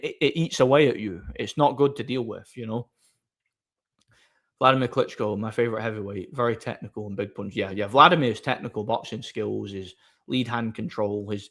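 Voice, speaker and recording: A man's voice: fairly low pitch, fairly bright tone. A man chatting casually on a live stream, rambling as he answers his chat's comments.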